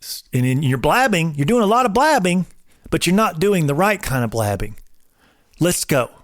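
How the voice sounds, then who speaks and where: A man's voice: on the high side, sing-song, moderate pace, no echo, clean studio sound. Emphatic forty-something man, coach-like preaching. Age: 40s. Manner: emphatic, coach-like, drill-instructor energy. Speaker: host. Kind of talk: casual preaching talk.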